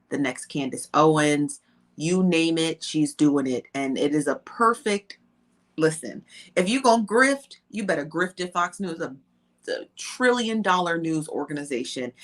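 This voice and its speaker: A woman's voice: sits low, fairly bright tone. Chatty woman livestream host. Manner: chatty, greets viewers one by one, laughs easily. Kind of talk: casual livestream chat.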